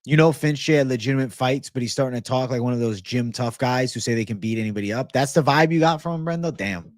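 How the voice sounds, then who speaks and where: A man's voice: mid-range voice, fast, no room sound, studio quality. A young man hosting a casual livestream, joking loosely, swearing a lot and talking to his chat. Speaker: livestream host reading chat.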